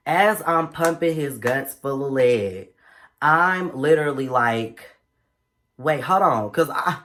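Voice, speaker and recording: A young man vlogger telling a casual storytime in a chatty, slangy, animated way. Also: medium pitch, takes it slowly, slight background noise.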